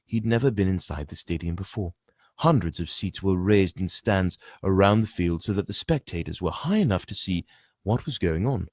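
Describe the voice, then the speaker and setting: A man's voice: deep voice, animated, normal speed, darkish tone, no room sound, studio quality. A man reading a book aloud, often stumbling and restarting, with chatty asides. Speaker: reader.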